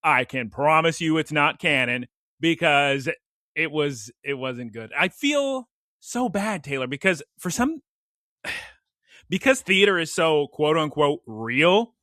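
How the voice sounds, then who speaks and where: A man hosting a casual podcast chat, his voice swinging lively up and down as he jokes through a story. The tone is bright and a little high for a man. The sound is close and dry. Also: takes it slowly, dry recording. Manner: animated, jokey storytelling with playful asides. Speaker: podcast host.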